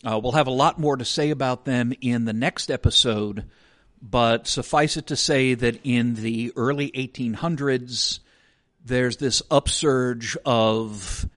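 A man's voice: mid-range voice, fairly even intonation, a little slow, a bit bright. A man co-hosting a podcast, explaining ideas in a casual educational chat and walking through examples step by step. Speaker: podcast co-host.

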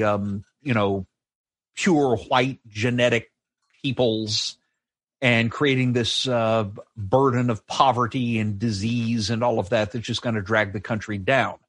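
A man's voice: medium pitch, a bit bright, dry recording. A man co-hosting a history podcast, telling it in a wry, sardonic casual chat. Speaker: podcast co-host. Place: live show.

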